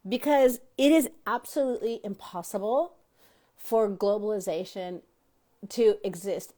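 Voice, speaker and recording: A woman leads a motivational self-help talk with a mellow, warm voice. Her pitch rises and falls a great deal as she teaches. She keeps turning to the audience with direct questions and acts out the dialogue she recounts. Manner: animated, addresses listeners directly with questions. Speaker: talk show host and self-help coach.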